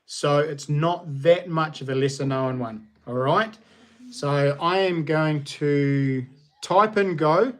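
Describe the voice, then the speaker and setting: A man's voice: on the high side, slow pace. Chatty New Zealand man hosting a stream. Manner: upbeat and chatty, calls viewers legends. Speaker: livestream host. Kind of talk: casual livestream chat. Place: small lounge nook at home.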